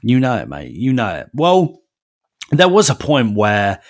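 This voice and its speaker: A man, co-hosting a podcast in casual, animated chat, often ranting and restarting his sentences. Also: mid-range voice, measured pace. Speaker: podcast co-host.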